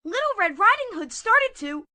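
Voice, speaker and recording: Woman, storybook narrator, playful and expressive, very high, bright. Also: moderate pace, slight background noise. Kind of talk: storybook narration for a puppet show.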